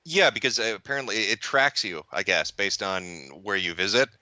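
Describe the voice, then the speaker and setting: Male commentator, low-pitched with a sharp, bright tone, casual profane rambling, dry close sound. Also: animated, moderate pace, no room sound. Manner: rambling, profane, frequent restarts. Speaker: internet video commentator. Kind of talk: casual podcast chat.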